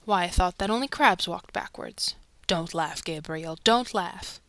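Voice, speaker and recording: A woman voicing an excitable male theater secretary, asking indignant questions in a rush. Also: on the low side, a little slow, no room sound, pitched below the performer's own voice. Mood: agitated.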